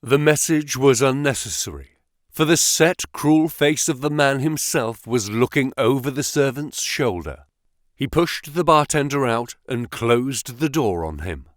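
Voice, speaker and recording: A man narrating an audiobook as expressive storytelling. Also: mid-range voice, a little slow, no echo, clean studio sound. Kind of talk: scripted narration.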